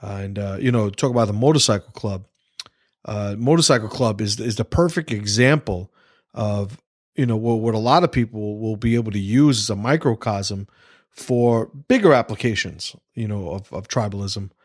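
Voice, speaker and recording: A man's voice: fairly low pitch, moderate pace, no echo, studio quality. A man hosting a casual livestream podcast, rambling, swearing freely and restarting his sentences. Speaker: podcast host.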